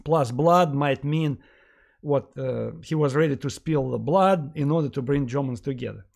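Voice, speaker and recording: A man giving a history lecture to a class, emphatic and animated, who often asks rhetorical questions and uses many fillers. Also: medium pitch, normal speed, vocal fry.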